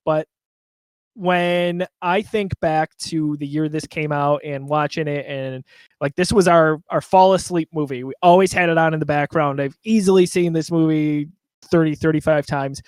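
A man's voice: on the high side, steady tone, moderate pace, clean tone, dry recording. A man co-hosting a movie podcast, chatting casually and laughing through his stories. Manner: chatty, apologetic, laughs while telling a story. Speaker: podcast co-host. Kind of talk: casual chat.

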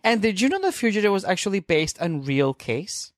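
A man co-hosting a film podcast, chiming in with quick remarks in casual chat. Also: sits high, very animated, no echo, clean studio sound. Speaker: podcast co-host.

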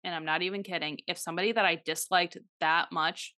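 A woman co-hosting a podcast in casual chat, animated and swearing freely as she acts out quotes. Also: lowish voice, brisk, no room sound, clean studio sound. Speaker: podcast co-host.

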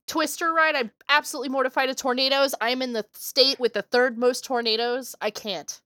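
Excitable woman, slightly high voice. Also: brisk, dry recording, clean studio sound. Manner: excitable, dramatic, swears casually. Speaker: podcast co-host. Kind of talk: casual chat. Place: home, lives in a tornado-heavy state.

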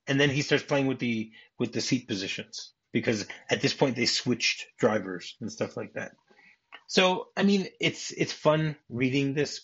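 A man appears as a podcast guest, his mid-range voice husky and a bit bright, captured in dull lo-fi podcast audio. He casually recounts a film script in a rambling way, restarting often and acting out the quoted lines.

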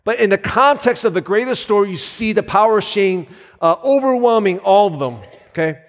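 A man's voice: sits high, animated, fairly quick. A man in his thirties preaching a sermon as a pastor, earnest and conversational, with frequent fillers. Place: church sanctuary. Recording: long hall reverb.

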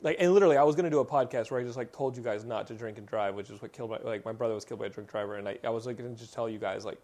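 A man hosting a podcast in casual chat, telling stories in an animated way with many fillers. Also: medium pitch, racing. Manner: animated storytelling, full of fillers and laughs. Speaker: podcast host.

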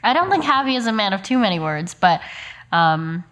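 A woman chatting as a player in a tabletop role-playing game, quick and laughing as she describes her character. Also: medium pitch, sing-song, a bit bright. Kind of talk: casual chat as a tabletop player.

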